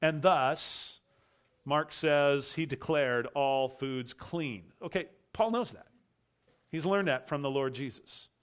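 A man's voice: a little high, slow. A man preaching a sermon in a conversational way, mixing verse readings with a personal story. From United States. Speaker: pastor.

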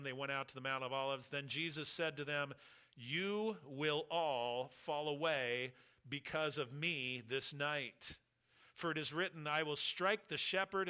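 A man's voice: fairly high pitch, bright, forceful tone, clear, resonant tone. A middle-aged man preaching an expository sermon, reading scripture aloud and acting out the speakers' words.

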